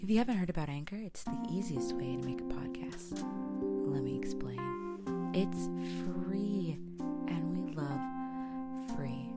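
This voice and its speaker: Woman, podcast host, raspy sinus voice, half-whispered, slow, loud guitar music behind. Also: sits low. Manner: soft, half-whispered and unhurried. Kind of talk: soft-spoken storytelling podcast intro.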